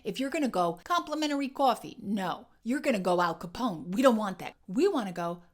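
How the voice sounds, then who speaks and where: A woman's voice: medium pitch, lively intonation, fairly quick, a little mellow. A woman teaching an accent lesson, modeling and repeating sounds as she explains. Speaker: dialect coach.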